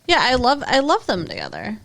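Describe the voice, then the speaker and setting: A woman's voice: a little high, wildly swooping pitch, a little fast, gravelly, fairly bright tone. A woman co-hosting a podcast, chatting casually about a movie in a blunt, teasing way. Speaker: podcast co-host. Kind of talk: casual movie-review chat.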